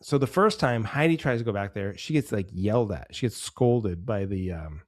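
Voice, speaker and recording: A man in his thirties, a podcast co-host, telling a long casual story and mimicking people in quick playful voices. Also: fairly low pitch, animated.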